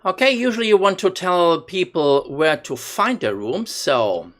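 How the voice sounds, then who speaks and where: A man teaching phrases in a slow, deliberate instructional voice-over, repeating lines for learners. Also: sits high, very animated, a bit bright. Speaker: language teacher.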